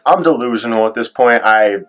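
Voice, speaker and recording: A man's voice: medium pitch, fairly quick, fairly bright tone, faint music behind. A young man telling a personal story in a vlog, rambling with lots of filler words and acting out what people said. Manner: rambling retelling, heavy on filler "like"; acts out quoted voices in his story. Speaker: vlogger.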